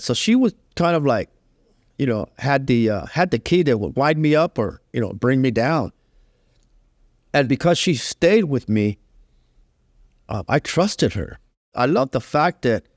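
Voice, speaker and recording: A man's voice: medium pitch, no echo. Earnest man telling his story, dry. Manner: conversational, many "you know" fillers, earnest. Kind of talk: candid personal storytelling.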